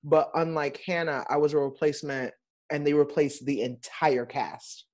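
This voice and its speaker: A man, a Broadway performer, chatting casually with an animated, emphatic way of telling stories. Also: fairly high pitch, moderate pace. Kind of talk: casual chat.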